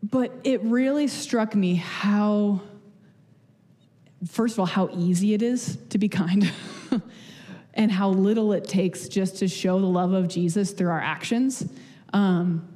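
A woman's voice: mid-range voice, slow, mellow. Chatty woman preaching in a reverberant hall. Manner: chatty and self-deprecating, with storytelling asides. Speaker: speaker giving a church message. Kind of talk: casual conversational sermon.

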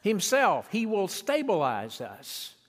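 A man preaching a sermon, emphatic, slowing down to stress key words and rising on repeated phrases. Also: big pitch swings. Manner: emphatic preaching with sweeping pitch and slowed stresses. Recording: long hall reverb.

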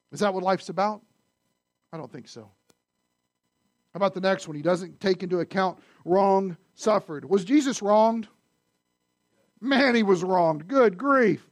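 A man preaching a sermon in a conversational way, asking the listeners questions and swinging between loud emphasis and hushed asides. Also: high-pitched, no echo, studio quality. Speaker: pastor.

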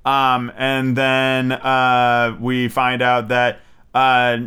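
A young man giving a casual, rambling movie review, excitable and full of fillers and swearing. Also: medium pitch, extremely slow, clear, resonant tone.

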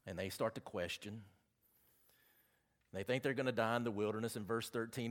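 A man's voice: fairly low pitch, moderate pace, long pauses. A man with a Southern accent preaching a sermon, chatty and folksy, with asides between the scripture readings.

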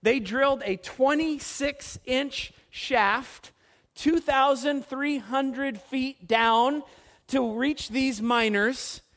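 A man preaching a sermon as pastor, animated and putting questions to the congregation. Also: very high voice, extremely slow.

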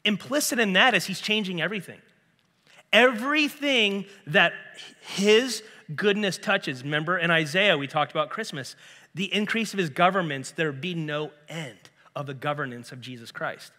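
A man preaching a sermon as pastor, earnest and emphatic, his throat a little clogged so he keeps clearing it. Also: high voice, expressive, normal speed, bright, forceful tone. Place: church sanctuary. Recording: long reverb of a large hall.

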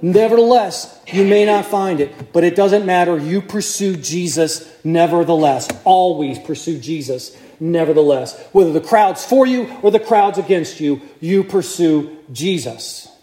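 A man's voice: on the high side, measured pace, few pauses, mellow, roomy sound, a little hiss or hum. A man preaching a sermon to a congregation in a conversational way, putting questions to his listeners. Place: church.

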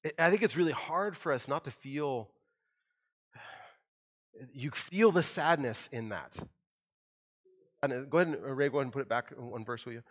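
A middle-aged man delivering a sermon from a church stage. His voice sits in an ordinary middle pitch, and he talks to the congregation in a conversational way. He leans into the quoted lines and acts them out with rising emphasis. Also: normal speed, long pauses, a bit bright. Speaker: pastor.

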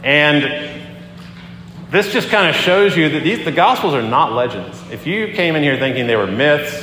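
A man preaching a sermon as a pastor, talking in a conversational, animated way as he tells a story and acts out the quotes. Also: on the high side, moderate pace, a little hiss or hum. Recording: echoey hall with long reverb.

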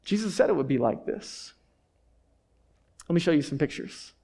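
Brief: male pastor, a touch high-pitched, informal and animated, sermon delivery. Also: normal speed, creaky. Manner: animated, conversational storytelling with frequent "like".

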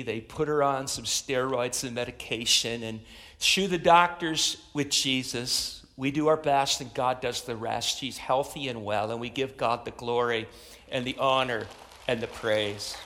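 A man's voice: mid-range voice, pushed and bright. A middle-aged man preaching a sermon as pastor, emphatic, repeating phrases and rallying his congregation. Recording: long reverb of a large hall.

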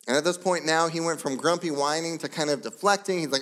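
A pastor delivering a sermon, telling the story with lively asides and brief voiced characters. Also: male voice, a little high, quick pace, few pauses. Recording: long hall reverb.

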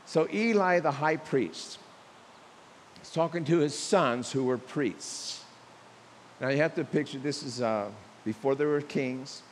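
A man preaching a sermon, telling stories and acting out quotes with lively emphasis. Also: mid-range voice, unhurried. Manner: animated preaching with acted quotes and storytelling. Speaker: pastor. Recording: long hall reverb with faint hiss.

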